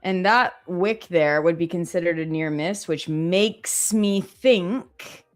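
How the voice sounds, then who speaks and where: A woman with a fairly low voice talks casually on a live stream. She is chatty and self-deprecating and keeps quoting her own thoughts. Faint music plays underneath. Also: slow. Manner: chatty, self-deprecating, quotes herself often. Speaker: co-host trading live.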